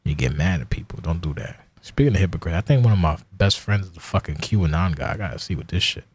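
A man's voice: sits low, expressive, fast, breathy edge, no echo. A man hosting his own podcast, ranting alone in a heated, profane, rambling way. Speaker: podcast host. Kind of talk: casual solo rant.

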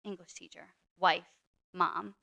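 A woman's voice: lowish voice, fairly even intonation, gravelly, bright, forceful tone. A woman in her twenties from New Orleans with a New Orleans accent, co-hosting a podcast in a chatty, giggly manner. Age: 20s. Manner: chatty, giggly, quick back-and-forth. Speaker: podcast co-host. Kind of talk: casual chat.

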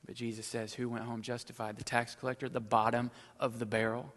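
Bright-voiced preacher in a reverberant hall. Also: male voice, level tone, quick pace. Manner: swings between loud emphatic stretches and low, quiet asides. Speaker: pastor. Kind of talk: sermon.

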